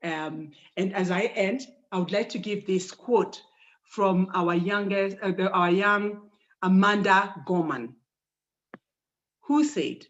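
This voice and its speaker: A woman's voice: mid-range voice, slow pace. A woman giving polite closing remarks on a group video call, thanking listeners often. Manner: warm, polite, with frequent thanks. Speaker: call presenter closing the session. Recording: dull lo-fi call audio.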